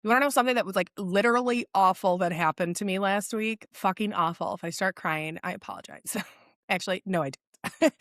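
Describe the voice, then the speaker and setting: A woman's voice: mid-range voice, a bit bright, no room sound, studio quality. A woman hosting a solo podcast, talking bluntly and candidly, swearing freely and telling stories. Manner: blunt, frequent swearing, storytelling; quotes others in acted voices. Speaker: podcast host.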